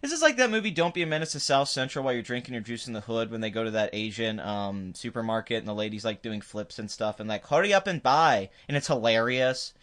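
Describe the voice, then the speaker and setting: A man's voice: mid-range voice, quick pace, hardly any pauses, a bit bright. A man hosting his own commentary video, ranting emphatically and dismissively with frequent restarts. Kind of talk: opinionated commentary rant.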